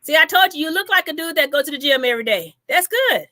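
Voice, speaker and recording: A woman's voice: high voice, animated, fast, pushed and bright, no echo, studio quality. A woman comedian hosting a casual live chat, brassy and teasing, repeating herself for emphasis.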